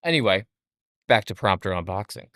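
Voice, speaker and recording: A man's voice: fairly low pitch, a little fast, no echo, studio quality. A man co-hosting a livestream, cracking playful jokes in casual chat. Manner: playful joker, animated delivery. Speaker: livestream co-host.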